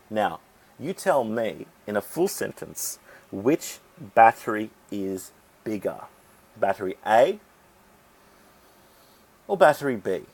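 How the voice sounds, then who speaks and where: A man teaching an English grammar lesson, explaining rules step by step and sounding out syllables deliberately. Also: fairly low pitch, darkish tone, breathy edge.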